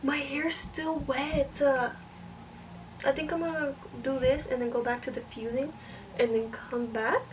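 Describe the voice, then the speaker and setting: Young woman, high voice, casual hair vlog, chatty, self-doubting, thinking aloud, recorded from a distance, background hiss. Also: fairly even intonation, unhurried. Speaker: vlogger. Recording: distant mic, clear room noise.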